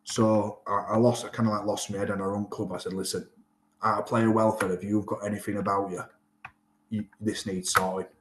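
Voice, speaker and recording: Yorkshire man telling a lively story. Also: fairly low pitch, a little fast, slight background noise. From England. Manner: animated, acts out quoted dialogue. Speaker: rugby player guest. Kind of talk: casual storytelling interview. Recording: roomy echo.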